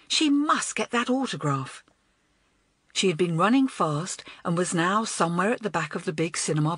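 A woman narrating a children's storybook in an expressive, animated way. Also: fairly low pitch, dry recording. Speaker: audiobook narrator.

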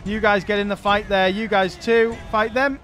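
A man's voice: high voice, flat delivery, moderate pace, a bit bright, soft background music. A man giving let's play commentary on a strategy game, barking orders at his units and swearing when frustrated. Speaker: gaming channel host.

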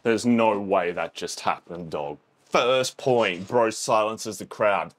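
A young man and college volleyball player giving casual reaction commentary, swearing a lot, with slangy talk and sudden yelps and shouts. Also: fairly low pitch, measured pace. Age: young adult. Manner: slangy, calls the viewer bro and dog.

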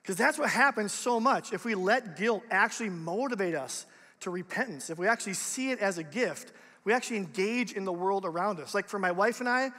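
Young male youth pastor, conversational and lively, high-pitched, recorded in a reverberant auditorium. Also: brisk. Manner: casual, animated, conversational preaching. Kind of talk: youth sermon. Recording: long reverb of a large hall.

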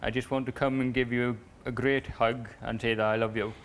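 A young man, a reality show contestant, reading a family letter aloud, halting and stumbling over words. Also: mid-range voice, level tone, a little hiss or hum. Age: young adult.

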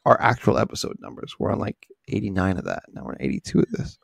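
A man co-hosting a podcast, chatting casually about a comic book, animated and laughing often. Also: fairly low pitch, fast talker, vocal fry, breathy edge, no room sound, clean studio sound. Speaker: podcast co-host.

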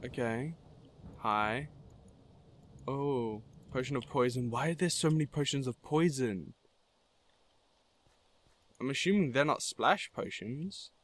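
A man's voice: medium pitch, expressive, slow pace, long pauses. A man giving nervous let's-play commentary through a horror game map, easily scared and talking to the monsters he meets. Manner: jumpy and easily scared, panicked bursts of no. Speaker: gamer playing a horror map.

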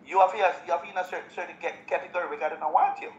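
A man's voice: high voice, steady tone, very fast, lo-fi sound. Jamaican man chatting casually, roomy echo. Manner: easygoing patois, laughs often. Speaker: live show host. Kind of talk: casual chat. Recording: roomy echo, faint background noise.

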